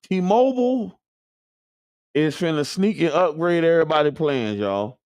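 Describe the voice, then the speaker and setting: With a slightly high, animated voice and a moderate pace, a Tampa Bay man hosts a community radio show. The sound is smooth, with no room sound. He speaks to his listeners in loose, joking, casual talk-radio style.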